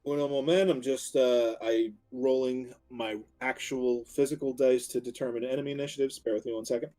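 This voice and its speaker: A man running a tabletop game as dungeon master, narrating in a relaxed, descriptive way with fillers and restarts. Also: medium pitch, brisk, rough recording.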